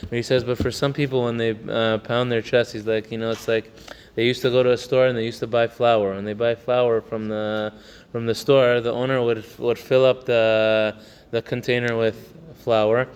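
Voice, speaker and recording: A man teaching a religious text. He reads Hebrew passages quickly, explains them in English in a chatty way, and often asks "right?". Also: medium pitch, flat delivery, smooth, in a large hall. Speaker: Torah teacher. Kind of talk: text study lesson.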